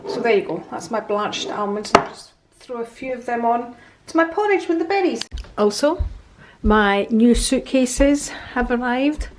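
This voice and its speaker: A woman's voice: on the high side, animated, measured pace. A middle-aged woman chatting casually to camera at home in a rambling way, laughing often. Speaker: vlogger. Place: at home, indoors.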